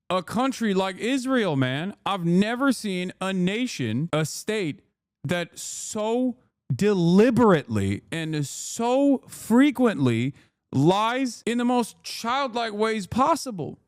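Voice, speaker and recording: Streamer guy going off, sarcastic and sweary, high voice, dry sound. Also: no echo. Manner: profane, sarcastic ranting. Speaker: streamer host. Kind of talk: livestream commentary.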